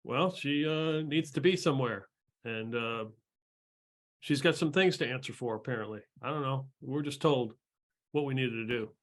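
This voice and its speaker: A curt soldier dodges every question, as a man plays him in a tabletop game. The replies come brisk and clipped, in a plain everyday voice. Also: mid-range voice, close to an everyday voice. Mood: evasive. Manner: curt, evasive. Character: evasive male soldier following orders. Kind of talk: tabletop role-play voice.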